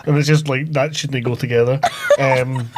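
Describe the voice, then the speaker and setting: A man's voice: mid-range voice, moderate pace, very noisy. A man co-hosting a casual film podcast, telling stories with acted-out quotes and frequent swearing and laughter. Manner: animated storytelling, acts out quotes, swears, laughs often. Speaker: podcast co-host. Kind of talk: casual film review chat.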